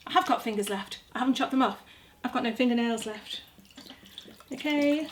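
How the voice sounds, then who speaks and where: With a fairly high pitch and a fairly quick delivery broken by many pauses, a middle-aged gardening vlogger jokes at her own expense while cooking in her home kitchen. She chats the whole time she works, showing off a recipe. The audio carries audible background noise.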